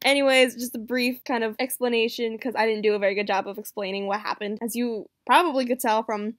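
A young woman vlogging casually at home, excitable and giggly, recorded on a laptop or camera mic. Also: a little high, fast, hardly any pauses. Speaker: YouTuber. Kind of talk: casual vlog reaction. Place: at home, indoors.

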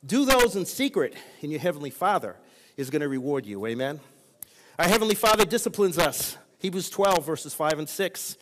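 A man's voice: on the high side, big pitch swings, normal speed, fairly bright tone, in a large hall, a little hiss or hum, rough recording. A man preaching a sermon as pastor, calling on the congregation for responses. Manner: preaching with call-and-response prompts. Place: church sanctuary.

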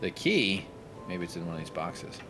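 A man's voice: sits low, sing-song, moderate pace, music in the background. A man giving casual, crude, sarcastic commentary over a video game playthrough. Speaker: gameplay commentator. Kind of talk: casual let's play commentary.

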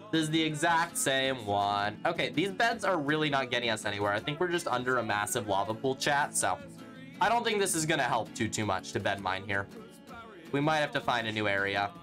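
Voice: mid-range voice, a bit bright. A streamer giving live gameplay commentary, reading chat aloud and answering it in a playful, teasing, sarcastic way.

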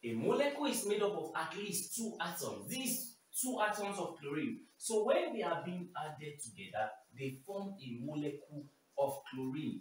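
A chemistry teacher gives a simplified lesson, repeating each key term and checking in with "okay?". The pitch swings up and down a lot. The voice sounds distant in a very echoey room, with faint noise behind it.

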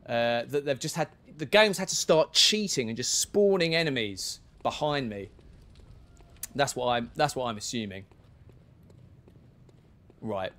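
Casual gamer narrating his play, lively swings in pitch, mid-range voice, chatty and self-mocking. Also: unhurried, long pauses. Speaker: gaming video creator. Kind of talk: casual gameplay commentary.

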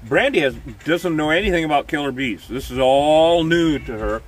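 A man's voice: a little high, animated, normal speed. Jokey male host, distant outdoors. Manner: jokey, rambling, self-mocking. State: slightly slurred after dental surgery. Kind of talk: casual joking vlog chat. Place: outdoors on rural property. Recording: distant mic with loud outdoor noise.

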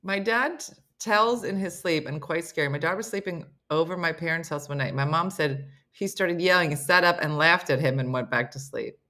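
A woman's voice: deep voice, normal speed, hardly any pauses, sharp tone. A woman hosting a comedy morning show, reading listener stories aloud with playful banter.

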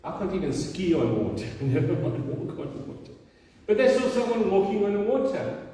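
A middle-aged man delivers a sermon from a distance, his fairly high voice carried by a long, echoing hall reverb. He talks conversationally, throwing rhetorical questions at the congregation and circling back on his words as he goes. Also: very animated, brisk, dark tone. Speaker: pastor. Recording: echoey hall from far off.

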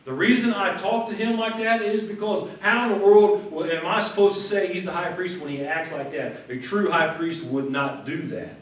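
A man's voice: high voice, moderate pace, few pauses. A man preaching a sermon as pastor, conversational, repeating words and acting out the people he quotes with rising emphasis. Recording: echoey room from far off.

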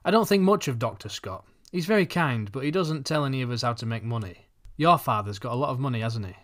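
A man voicing a thin, money-minded schoolboy who talks calmly and deliberately. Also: mid-range voice, natural voice. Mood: calculating. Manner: calm, calculating, deliberate.

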